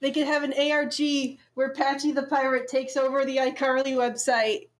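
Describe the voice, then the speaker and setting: A woman with a high voice rambles excitedly in a casual podcast chat. She speaks emphatically and insists on her opinions. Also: normal speed. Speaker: podcast co-host.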